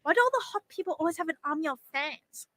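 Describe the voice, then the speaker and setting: High-voiced blunt young woman. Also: animated, heavy background noise. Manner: blunt, opinionated, quick asides. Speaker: YouTube co-host. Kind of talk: casual chat.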